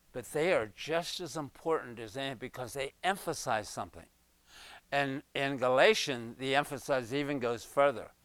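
Earnest man teaching scripture, smooth voice. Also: medium pitch, fairly bright tone, dry recording. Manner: earnest, emphatic, asks the listeners questions. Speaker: Bible teacher. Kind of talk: sermon, verse-by-verse Bible teaching.

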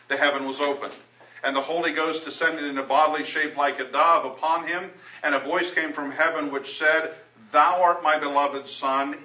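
Male preacher, bright, slightly raised voice, conversational Bible teaching, recorded in a roomy hall from a distance. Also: a little high. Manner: conversational, with restarts and scripture read aloud. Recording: roomy, dull sound from a distant mic.

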